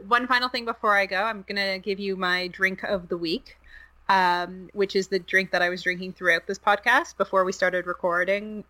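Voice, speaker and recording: A woman's voice: medium pitch, pushed and bright. A woman from Canada joining a casual podcast as a guest over a video call, chatty and apologetic. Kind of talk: casual chat.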